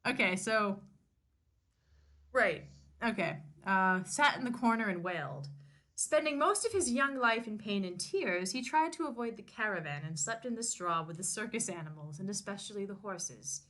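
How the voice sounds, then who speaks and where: A woman co-host reading a novel aloud and joking about it, animated and quick to laugh. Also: mid-range voice. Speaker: podcast co-host.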